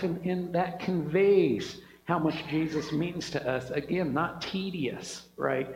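Male preacher, high voice, enthusiastic sermon, echoey hall, dull sound. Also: takes it slowly, creaky, few pauses, a little mellow. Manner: enthusiastic, emphatic, repeats "man" and "right?".

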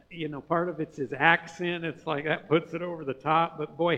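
A male pastor preaches conversationally in a fairly high voice, with the highs cut off in the recording. His delivery swells to emphatic peaks and drops to hushed, quiet lines.

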